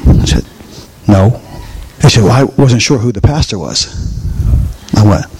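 A man preaching a chatty, conversational sermon as pastor in a church, swinging into high voices for quotes and asides. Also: normal speed, slightly rough. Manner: animated, chatty, jumps to high voice for quotes and jokes. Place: church sanctuary.

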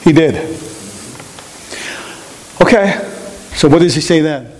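A man with a notably high voice leads a Bible study. He preaches in an animated way, tossing questions to the group and repeating his points. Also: takes it slowly. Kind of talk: interactive sermon.

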